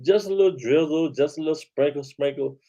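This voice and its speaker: A man's voice: on the high side, a little fast, warm tone. Laid-back man hosting a chat stream. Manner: laid-back, repeats "man" and "y'all", reads chat aloud. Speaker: talk show host. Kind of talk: casual live-stream chat.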